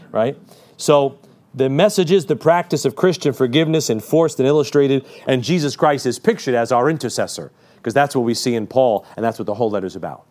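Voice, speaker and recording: Animated preacher man with lively pitch. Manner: lively, joking asides, quoting scripture emphatically. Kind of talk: midweek sermon.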